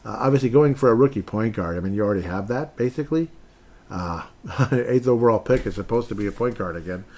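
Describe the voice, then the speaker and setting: A man with a slightly low voice hosts a casual sports podcast on his own. He rambles, laughs often and bursts into mock outrage. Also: expressive, quick pace, a little mellow. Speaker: podcast host.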